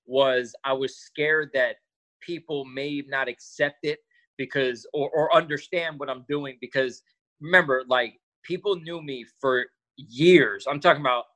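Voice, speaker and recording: A man's voice: mid-range voice, unhurried. A man telling stories as a guest in a casual interview, acting out quoted lines as he goes. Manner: animated storyteller, acts out quotes. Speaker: podcast guest.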